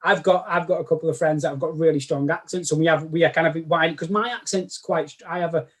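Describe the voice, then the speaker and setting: Higher-voiced Manchester man, rambling chat. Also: steady tone, fast talker. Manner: rambling, lots of restarts and self-corrections. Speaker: guest cosplayer. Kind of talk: casual interview chat.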